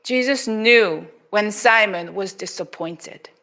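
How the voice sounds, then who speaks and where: In a church sanctuary, a woman pastor with a Korean accent gives a children's sermon, telling a Bible story animatedly and acting out its characters' lines. She switches between English and Korean, speaking slowly at medium pitch.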